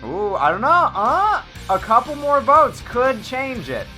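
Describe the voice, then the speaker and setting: A man hosting a live-stream clip tournament in casual chat, excitable and rambling with lots of fillers. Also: very high voice, a little slow, faint music behind.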